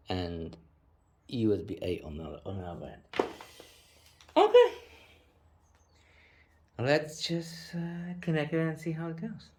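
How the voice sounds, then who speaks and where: Halting man unboxing a microphone, slow. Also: medium pitch, fairly bright tone, no room sound. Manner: halting, searching for words, many fillers and restarts; learning English, second-language phrasing. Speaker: tech reviewer. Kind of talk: product unboxing and walkthrough.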